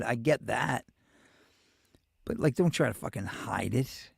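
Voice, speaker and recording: A man's voice: medium pitch, measured pace, creaky, pauses often, slightly rough, no echo, studio quality. A male show host with a New York accent, rambling through a profane, casual monologue full of restarts.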